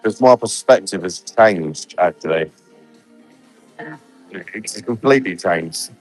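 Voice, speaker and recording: A man's voice: sits low, takes it slowly, soft background music. An English man vlogging casually from a holiday resort, talking bluntly and swearing freely. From England. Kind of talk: casual vlog chat.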